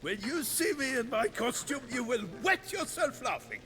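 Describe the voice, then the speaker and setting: A man's voice: very high-pitched, sing-song, moderate pace, over music. An actor playing a boisterous, pompous middle-aged male knight who speaks in a theatrical, declamatory way. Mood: jovial.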